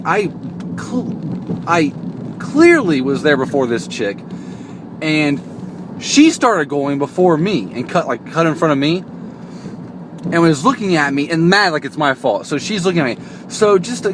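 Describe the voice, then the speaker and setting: A man's voice: a little high, sing-song, moderate pace. A young man vlogging from behind the wheel, chatting casually and joking, into a phone stuck to the car window. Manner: rambling, joking, self-interrupting. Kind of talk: casual chat to camera. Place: inside a car, driving. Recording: road noise inside a car.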